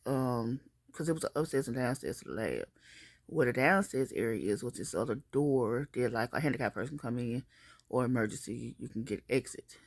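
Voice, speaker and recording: A woman telling a personal story in a casual, animated and emphatic vlog style. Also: a bass voice, no echo, studio quality.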